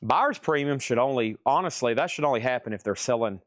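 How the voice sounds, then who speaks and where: A worn-out man runs a live record sale, rambling and joking at his own expense. His voice sits at an ordinary middle pitch, and the sound is dry and close with no room echo. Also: expressive, a little fast. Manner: rambling, self-mocking, laughs often. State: tired and aching. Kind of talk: casual livestream selling chat.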